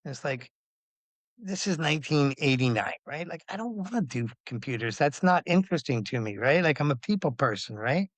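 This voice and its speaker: Podcast guest, a man in his fifties with a fairly high voice, who tells his story animatedly and acts out the other people in it. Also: fairly quick, no room sound. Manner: animated, acts out quotes with big pitch jumps, swears freely. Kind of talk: candid storytelling interview.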